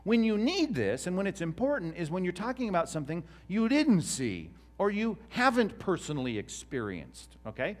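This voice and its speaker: A man's voice: sits high, wildly swooping pitch, normal speed, hardly any pauses. A man, a pastor giving a conversational teaching sermon to a live congregation and asking them questions. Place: church before a live congregation.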